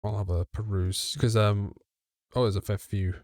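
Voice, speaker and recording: A man's voice: fairly low pitch, steady tone, moderate pace, a little mellow, dry recording, clean studio sound. A man playing a tabletop game, chatty and inquisitive. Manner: chatty, restarts and fillers, probing questions. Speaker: player. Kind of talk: casual in-character tabletop play.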